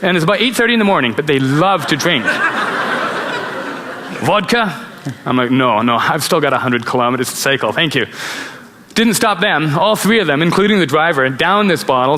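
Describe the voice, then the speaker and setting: Bright-voiced man telling travel stories on stage. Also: fairly high pitch. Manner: animated storyteller, chuckles at his own tales. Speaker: conference speaker. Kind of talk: storytelling talk on stage. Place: large auditorium stage. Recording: auditorium reverb.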